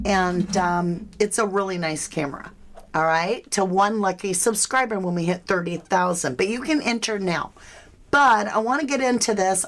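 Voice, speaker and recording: A woman hosting a true crime livestream, chatting casually with viewers and thinking aloud with frequent asides. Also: mid-range voice.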